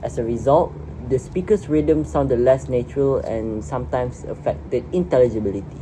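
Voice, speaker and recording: Student reading a class presentation. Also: female voice, very deep voice, moderate pace, noisy background. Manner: reads prepared notes, repeats words at times.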